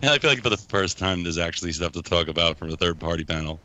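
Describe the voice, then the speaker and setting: A man's voice: low-pitched, lively intonation, fast talker, pushed and bright, no room sound. A man hosting a podcast in casual chat, giggling and teasing his co-hosts. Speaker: podcast host.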